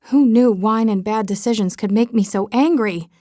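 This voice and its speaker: A woman's voice: mid-range voice, moderate pace, warm tone, dry recording, studio quality. A woman reading a first-person romance audiobook with a wry, comic storytelling manner. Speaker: audiobook narrator. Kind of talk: scripted first-person narration.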